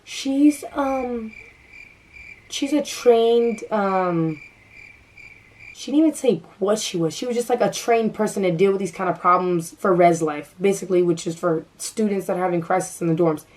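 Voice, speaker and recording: A young adult woman telling a storytime vlog in a casual, animated way, full of fillers, acting out what people said. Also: fairly low pitch, fast, few pauses, poor audio. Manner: animated, filler-heavy, acts out quoted dialogue. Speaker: vlogger.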